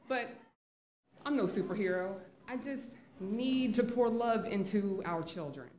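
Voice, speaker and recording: Woman teacher telling a live story. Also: mid-range voice. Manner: conversational, candid, lively storyteller. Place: live event in a museum venue. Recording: echoey live venue.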